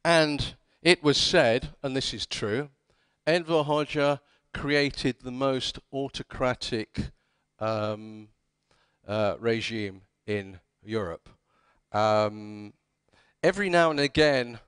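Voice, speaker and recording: A man's voice: medium pitch, fairly bright tone, clear, resonant tone, no echo. A man giving a conference talk, telling history as wry anecdotes and acting out the quoted dialogue. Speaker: conference speaker. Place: conference hall.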